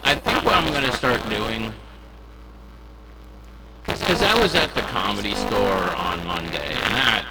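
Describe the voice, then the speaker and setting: A man's voice: fairly low pitch, animated, unhurried, pauses often, loud music behind the voice, rough recording. A hungover male comedian rambling sarcastically about his night and laughing at himself. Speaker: comedian vlogger. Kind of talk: casual rambling vlog monologue.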